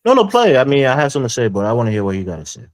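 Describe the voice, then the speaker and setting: A man's voice: medium pitch, wildly swooping pitch, very fast. A man on a panel making assertive, emphatic points in a casual debate.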